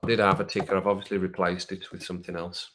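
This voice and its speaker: A man chats casually with his stream viewers during a football watch-along, calling them by name and laughing easily. His voice sits low, and the sound echoes around the room he records in. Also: flat delivery, fast, fairly bright tone. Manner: chatty, addresses chat viewers by name, laughs often. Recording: roomy echo.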